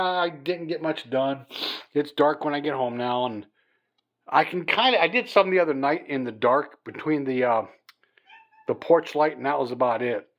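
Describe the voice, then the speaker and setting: A man's voice: fairly high pitch, normal speed, a bit bright. A man hosting a casual hobby vlog from home at night, tired and rambling, full of fillers and restarts as he talks to a phone camera. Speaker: hobby channel host. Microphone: phone camera on a mount.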